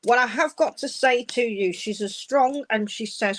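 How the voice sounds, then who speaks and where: Over slight background noise, a fairly high-pitched female voice talks at normal speed. She is a medium doing live readings on a stream, comforting each caller with warmth and endearments like "darling" and "my love."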